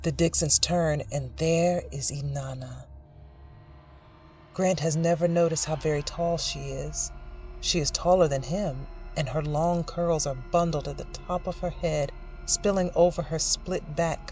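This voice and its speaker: A narrator reading a dark literary short story in a measured, dramatic way. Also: mid-range voice.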